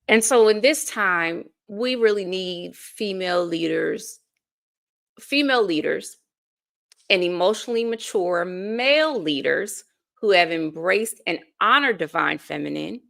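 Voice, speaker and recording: A woman's voice: mid-range voice, vocal fry, fairly bright tone. A woman in her forties from the United States, a life coach talking as a guest in a casual interview, earnest and full of stories. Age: 40s. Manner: earnest, storytelling, laughs between thoughts.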